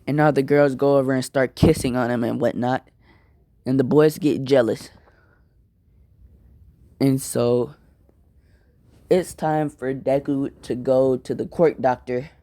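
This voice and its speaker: Casual young male storyteller, unhurried, filler-heavy, dry recording. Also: mid-range voice, fairly even intonation, warm tone, no room sound. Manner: rambling, filler-heavy, apologetic asides. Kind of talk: casual spoken fan-fiction retelling.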